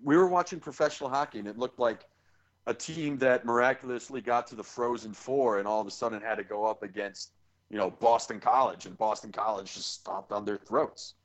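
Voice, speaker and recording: A podcast co-host talks casually about sports in a brisk, mid-range male voice. He rants along the way and drops in sarcastic asides.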